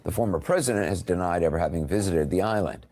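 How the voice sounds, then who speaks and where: A male anchor with a very low voice reads the news in a steady, formal cadence. His delivery is measured and scripted, each sentence cleanly paced for broadcast.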